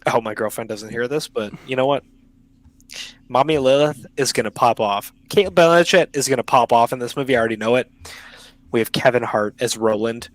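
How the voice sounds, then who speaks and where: Excitable young man hosting a podcast. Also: mid-range voice, brisk, no echo, poor audio. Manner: enthusiastic, slangy, self-interrupting. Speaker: podcast host. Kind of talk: casual podcast chat. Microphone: online call.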